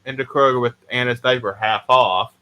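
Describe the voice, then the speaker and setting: Bright-voiced rambling podcast host man. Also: mid-range voice, steady tone, brisk, clear, resonant tone. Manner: rambling, self-mocking, swears freely. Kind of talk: casual podcast storytelling.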